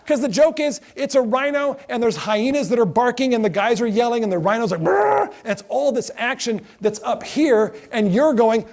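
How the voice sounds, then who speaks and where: A middle-aged man giving a lecture to a class, telling lively anecdotes and acting out the quotes. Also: very high voice, moderate pace, few pauses. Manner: animated storyteller acting out quotes.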